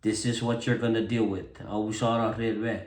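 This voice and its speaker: A man's voice: fairly low pitch, normal speed. Chuukese-accented man, casual and echoey. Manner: relaxed, self-deprecating, hesitant with many fillers. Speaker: vlogger introducing himself as a translator. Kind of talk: casual to-camera talk mixing English and Chuukese.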